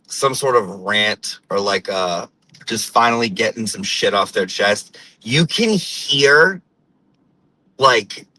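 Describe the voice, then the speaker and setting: Slow-talking, profane man hosting a comedy show. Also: on the low side, no room sound, low-quality recording. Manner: animated, profane, rambling. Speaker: host. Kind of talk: casual comedic monologue.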